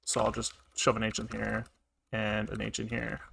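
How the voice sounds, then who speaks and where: A man's voice: on the low side, completely flat delivery, normal speed, vocal fry, a bit bright, slight background noise. A man live-streaming his programming, thinking aloud and muttering to himself with casual swearing, keyboard clicks behind him. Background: keyboard typing and clicking.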